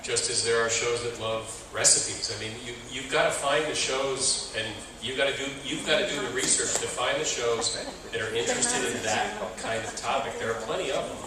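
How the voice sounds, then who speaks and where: A man's voice: medium pitch, moderate pace, noisy background. A man on a panel giving blunt, firm advice, repeating his points insistently. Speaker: panelist, radio professional. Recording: echoey hall, recorded from far off.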